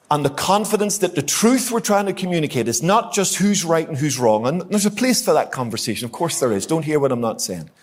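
Emphatic Northern Irish man preaching. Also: a little high. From Northern Ireland. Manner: emphatic, repetitive, rhetorical questions to the congregation. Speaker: guest preacher. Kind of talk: sermon. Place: church hall, live congregation.

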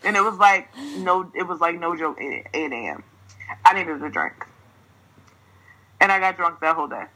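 Young woman, from New Jersey, podcast host, casual storytelling, profane, animated, slightly breathy. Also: fairly low pitch, normal speed, poor audio. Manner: swears freely, animated ranting, laughs often.

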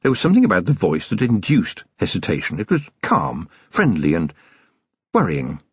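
Man, audiobook narration, animated delivery, husky tone, dull dry recording. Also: lowish voice, normal speed, no echo. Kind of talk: scripted narration.

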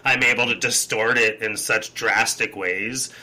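A man chatting casually on a podcast, telling animated stories and slipping into put-on voices. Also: lowish voice, unhurried, low-quality recording. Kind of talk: casual chat.

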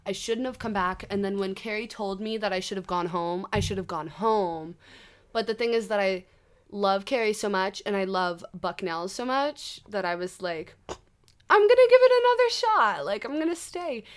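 A woman's voice: mid-range voice, normal speed, clean tone. Blunt, sarcastic young woman co-host. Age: young adult. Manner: blunt, sarcastic, frequent swearing. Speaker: podcast co-host. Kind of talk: casual chat.

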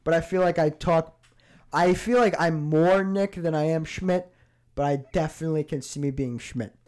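A young man hosting a casual podcast chat with friends, talking in an animated, laughing and defensive way. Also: fairly high pitch, moderate pace. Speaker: podcast host.

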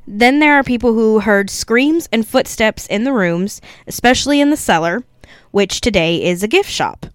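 A woman's voice: a little high, lively intonation, normal speed, smooth, no echo, studio quality. A woman co-hosting a casual podcast, reading a ghost story from her notes and chatting along with her co-host. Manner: reads notes, chats and laughs along.

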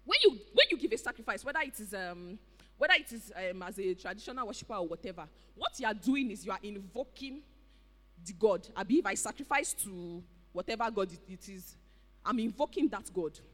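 A preacher with a Nigerian accent delivering an animated, exclamatory sermon in a church hall. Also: medium pitch, fairly quick. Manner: animated, exclamatory, with pidgin interjections. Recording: reverberant hall.

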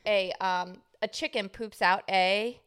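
A woman's voice: medium pitch, steady tone, slow pace, fairly bright tone, clean tone. A young woman with a Southern American accent, co-hosting a podcast in casual, giggly, teasing chat. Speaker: podcast co-host.

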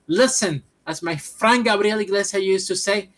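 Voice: mid-range voice, moderate pace. A speaker from Puerto Rico with a Puerto Rican accent, a native Spanish speaker, telling stories animatedly in a casual chat and acting out the quotes. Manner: animated storyteller, acts out quotes, restarts.

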